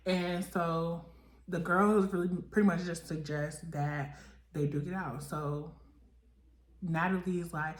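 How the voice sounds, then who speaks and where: A woman recapping a reality TV episode in casual chat, acting out the cast's lines with big jumps in pitch. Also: measured pace, reverberant. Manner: animated, acts out quotes with lively pitch jumps.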